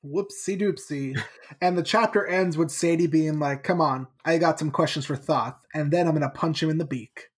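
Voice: mid-range voice, normal speed, breathy edge. A podcast host casually recapping a book chapter in a chatty, playful way.

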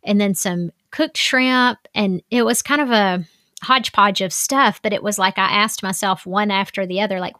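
A woman's voice: medium pitch, moderate pace, bright, forceful tone, no room sound. Woman, life coach, casual advice talk, chatty with lots of fillers, close dry sound.

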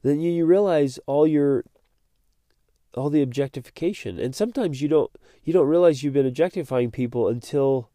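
A man's voice: fairly high pitch, normal speed, dark tone, no room sound, studio quality. A man hosting a motivational podcast, speaking earnestly and animatedly, repeating words as he gets fired up. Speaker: podcast host.

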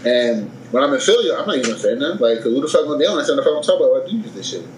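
A man's voice: mid-range voice, racing. Blunt Philly-accented man in echoey room. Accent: Philadelphia. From Philadelphia. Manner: blunt, profane, animated arguing. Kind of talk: casual chat. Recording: echoey room with faint noise.

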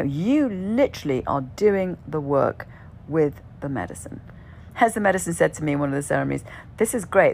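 A woman's voice: deep voice, vocal fry, a little hiss or hum. A woman telling a personal story in a casual way. She often asks "right?", swears now and then, and sometimes drops to a whisper at the end of a phrase.

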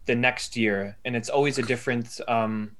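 A man talks casually among friends in an easygoing, rambling way. He pauses often with ums, and his voice sits at a plain middle pitch. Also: steady tone, a bit bright.

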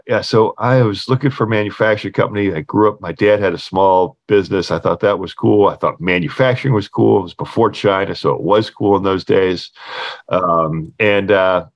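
Middle-aged man, low voice, podcast guest; rambling anecdotal delivery with lots of fillers, dry close recording. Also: dry recording, dull audio. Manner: halting, many fillers and restarts, acts out quoted voices in a higher pitch. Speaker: furniture company owner, guest. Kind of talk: anecdotal storytelling in an interview.

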